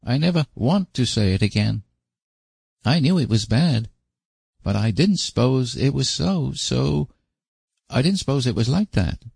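An anxious little boy with a high, pleading voice that stumbles over his words, as a man puts him on for a storybook. The voice sits well above the reader's own, dry and close to the mic. Hoarse at the edges. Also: animated, a little slow, long pauses, a little mellow, no room sound, exaggerated voice. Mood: remorseful. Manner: pleading, hesitant, stammering. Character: small anxious earnest boy.

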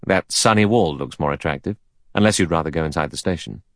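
A man with a deep voice playing an easy, self-assured army captain in a storybook reading. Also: fast, fairly bright tone, dry recording, clean studio sound.

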